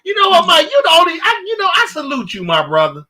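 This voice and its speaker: A man co-hosting a podcast, teasing loudly and with emphasis in casual banter. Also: very high voice, wildly swooping pitch, fast. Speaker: podcast co-host.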